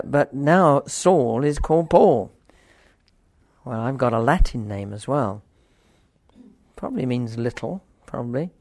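An older man teaching a Bible passage informally, rambling with wry asides and reading the scripture aloud forcefully. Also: medium pitch, creaky, no room sound.

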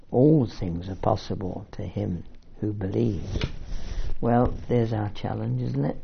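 A man's voice: fairly low pitch, gravelly, slightly rough. A man giving a sermon-style bible teaching, reading verses aloud and commenting on them with fillers and asides. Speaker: preacher. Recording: muffled lo-fi recording.

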